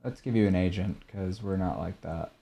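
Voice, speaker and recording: A man's voice: deep voice, moderate pace, creaky, warm tone, a little hiss or hum. A young man streaming a game, chatting casually and answering viewers' questions about gear and ranks. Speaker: gaming streamer. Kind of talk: casual chat while showing game skins.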